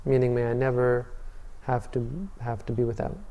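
A man teaching meditation in a Buddhist dharma talk, with calm storytelling. His voice is mellow and dark. He often restarts and repeats words, and the sound trails off into a long hall reverb. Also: medium pitch, normal speed.

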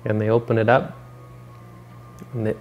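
A man giving a dharma talk, retelling a story in a relaxed, rambling way and correcting himself as he goes. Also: fairly low pitch, moderate pace, highs cut off, faint music behind. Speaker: meditation teacher.

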